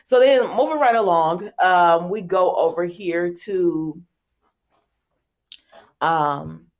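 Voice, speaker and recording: A woman hosting a soap opera recap in a chatty, casual way, retelling scenes with quick asides to her viewers. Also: fairly low pitch.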